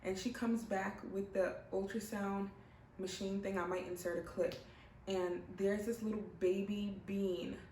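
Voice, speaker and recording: A woman's voice: lowish voice, slight background noise. Pregnant woman telling a story. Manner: animated, acts out other people's lines. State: heavily pregnant. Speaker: vlogger. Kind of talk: casual storytelling to camera. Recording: roomy, mic at a distance, faint ambience.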